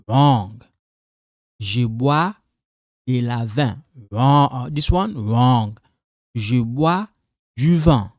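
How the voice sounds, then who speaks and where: Male French tutor, slow and patient, repeats phrases, dry close sound. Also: medium pitch, expressive, a little mellow, no room sound. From Congo. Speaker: French teacher. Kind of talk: quiz walkthrough lesson.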